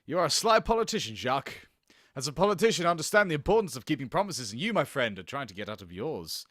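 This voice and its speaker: A man reading a game's lines as a sly male politician, in a lowered, smooth, coaxing voice. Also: sing-song, quick pace, fairly bright tone, no room sound, clean studio sound. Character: sly male politician urging a dice night.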